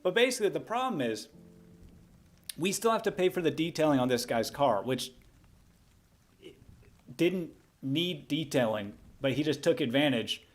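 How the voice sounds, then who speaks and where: A man's voice: a little high, animated, normal speed, long pauses. A young man casually telling a long story on a livestream, rambling with frequent restarts and asides. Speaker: livestream host.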